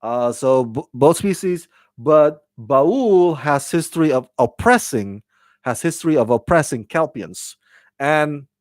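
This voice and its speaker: A man talks through a TV episode in an unhurried, rambling way, stopping and restarting often and chuckling at his own slips. His voice sits a little high. The recording is dry and close, with no room sound. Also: no room sound. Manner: rambling, animated, many restarts and fillers, laughs at himself. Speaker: TV show reviewer. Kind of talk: casual review chat.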